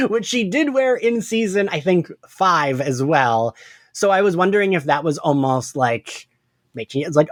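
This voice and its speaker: A man co-hosting a fan podcast, chatting excitedly and laughing often, with lots of fillers. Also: fairly high pitch, unhurried, dry recording. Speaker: podcast co-host. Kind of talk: casual fan podcast chat.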